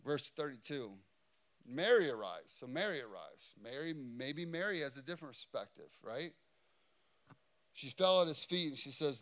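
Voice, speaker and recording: A man preaching a sermon as pastor, impassioned and building to loud, high emphasis on key phrases. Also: animated, moderate pace. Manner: impassioned, rising in pitch and volume for emphasis.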